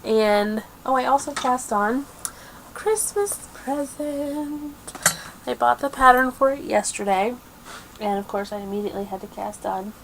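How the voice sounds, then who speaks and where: A woman hosting a crafting video podcast in casual chat, chatty and quick with asides, laughing often. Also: a little high, vocal fry, slight background noise. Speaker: podcast host.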